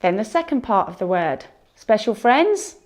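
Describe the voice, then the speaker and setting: A woman teaching a phonics lesson to young children, sounding out words slowly and encouraging them. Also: mid-range voice, big pitch swings. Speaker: primary school teacher.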